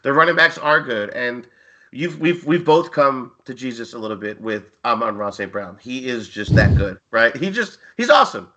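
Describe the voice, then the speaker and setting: A man's voice: medium pitch, very animated, moderate pace, heavy background noise. A man co-hosting a casual sports chat, rambling and joking with lots of fillers. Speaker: co-host.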